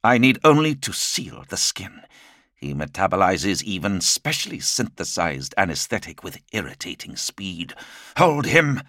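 A man's voice: low voice, big pitch swings, unhurried, pushed and bright, no echo, clean studio sound, heavily acted. A man voicing a brusque male battlefield surgeon giving clipped, impatient orders.

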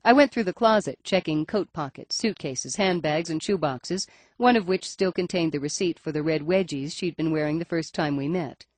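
A woman's voice: sits low, normal speed, darkish tone, dry recording. A woman reading a first-person audiobook in a wry, dry storytelling manner. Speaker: audiobook narrator.

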